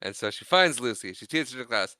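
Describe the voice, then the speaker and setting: A man's voice: medium pitch, lively intonation, brisk, sharp tone, no room sound. A man co-hosting a podcast, casually recapping a movie scene by scene and acting out the characters' lines in exaggerated voices. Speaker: podcast co-host.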